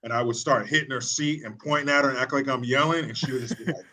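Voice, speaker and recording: A man's voice: medium pitch, steady tone, fast talker, sharp tone, slight background noise. A man chatting as a podcast guest, teasing and quoting himself in a raised voice. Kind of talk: casual chat.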